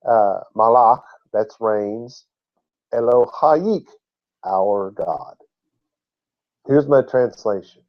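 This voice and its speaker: A man's voice: medium pitch, expressive, slow, muffled recording. A man teaching a Bible lesson in a sermon style, emphatic and drawing out key words, and he laughs at his own slips.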